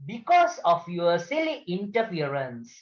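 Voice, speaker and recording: A woman's voice: lowish voice, sing-song. A woman reading out the lines of an angry, rude, poor middle-aged male artist in a storybook lesson. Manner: shouting, reading aloud slowly. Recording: dull lo-fi online class audio.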